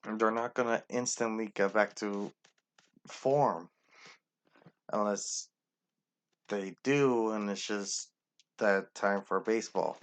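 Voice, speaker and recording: A man's voice: lowish voice, steady tone, slow pace, pauses often. Blunt man ranking teams. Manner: opinionated, blunt, talks straight to the teams. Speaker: sports commentator. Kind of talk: casual rankings commentary.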